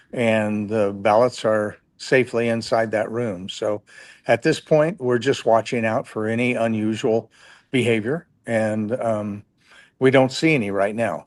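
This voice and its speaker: A man giving a casual report as a guest, speaking hesitantly with many pauses and restarts. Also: lowish voice, dry recording, studio quality. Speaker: guest on security duty.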